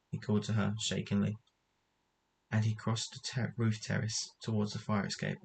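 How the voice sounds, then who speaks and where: A man narrates a story aloud in a low, even voice that barely rises or falls. He trips over words now and then and goes back to fix them, with a faint hiss in the background. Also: moderate pace, gravelly, rough recording. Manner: reads with frequent stumbles and self-corrections.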